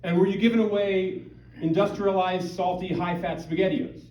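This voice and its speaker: A middle-aged man from Montana, USA, a guest speaker at a parish, gives a conversational yet emphatic talk packed with rhetorical questions. His voice is high-pitched and dark-toned, with fairly even intonation at normal speed. The recording, from a parish hall or church, sounds dull, roomy, and distant.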